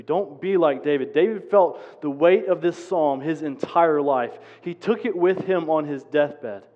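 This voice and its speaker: A man's voice: fairly high pitch, darkish tone. A man, a pastor preaching a sermon in a conversational, storytelling way with casual fillers. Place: church sanctuary. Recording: dull sound with long church reverb.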